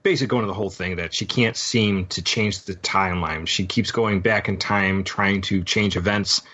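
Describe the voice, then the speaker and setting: A man with a very deep voice talks through a show recap in a loose, meandering podcast chat, stopping often to fill gaps with ums and uhs. The sound is dull and lo-fi. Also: steady tone, normal speed, pushed and bright. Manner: rambling, full of ums and uhs. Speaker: podcast host. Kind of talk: casual episode recap.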